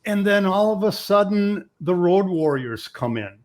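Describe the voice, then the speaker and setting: A man's voice: high-pitched, lively intonation, unhurried. A man hosting an interview podcast, reacting to his guest and asking questions. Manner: attentive listener, reacts with laughs. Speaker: podcast host.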